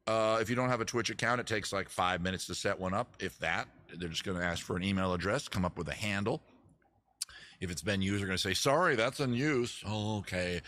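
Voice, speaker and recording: A man hosting a casual livestream, rambling and self-mocking with deadpan asides. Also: low-pitched, brisk. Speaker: livestream host. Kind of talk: casual livestream chat between songs.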